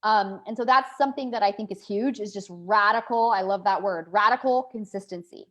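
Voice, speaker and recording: A woman's voice: medium pitch, fairly quick, fairly bright tone. Earnest woman guest on a business call. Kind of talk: casual business call chat.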